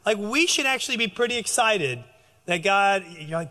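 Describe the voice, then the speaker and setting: Lively, animated man preaching. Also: sits high, normal speed, long reverb tail. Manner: animated, conversational, with frequent restarts. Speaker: pastor. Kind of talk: sermon.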